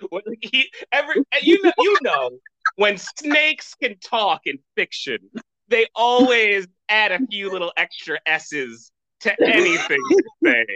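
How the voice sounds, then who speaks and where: A man hosting a podcast in casual chat, rambling and excitable and laughing often. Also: high-pitched, a little slow. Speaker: podcast host.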